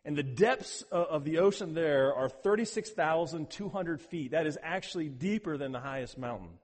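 A man preaching a sermon as a pastor, building to loud emphatic peaks and then dropping low, often repeating words for emphasis. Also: expressive, moderate pace, long reverb tail.

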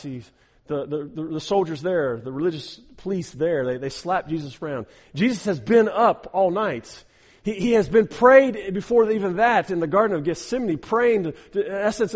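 A man preaching a sermon, animated, acting out the people he quotes and often repeating words as he goes. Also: high-pitched. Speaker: pastor. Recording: echoey hall with long reverb.

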